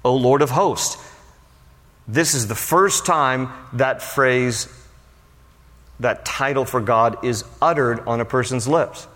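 A man preaching a sermon as a pastor, animated, with playful asides to the congregation. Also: medium pitch, slow pace, in a large hall.

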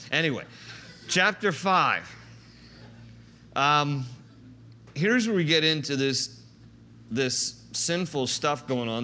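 Bright, animated male preacher. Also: mid-range voice, a little hiss or hum. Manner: animated, conversational Bible teaching. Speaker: pastor. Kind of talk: sermon.

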